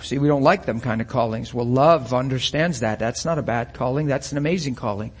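A man's voice: medium pitch, fairly quick, slightly rough. A man preaching a sermon with passion, firing rhetorical questions and acting out the scenes he describes.

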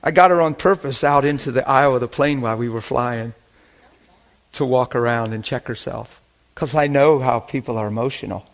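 A man preaching a sermon, telling stories in an animated way that swings from hushed to loud. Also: medium pitch. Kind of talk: sermon storytelling.

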